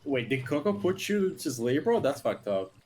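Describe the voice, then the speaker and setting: A man's voice: fairly high pitch, very animated, normal speed, darkish tone, slightly rough. Laid-back man teasing on a call. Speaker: friend on voice call. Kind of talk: casual banter.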